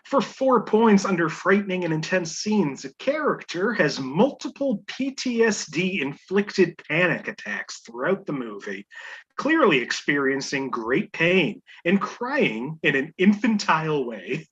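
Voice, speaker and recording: Guy hosting a trivia show, husky lively voice, laughs a lot. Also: fairly high pitch, measured pace, lo-fi sound. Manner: laughs easily, reads clues aloud. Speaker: game show host.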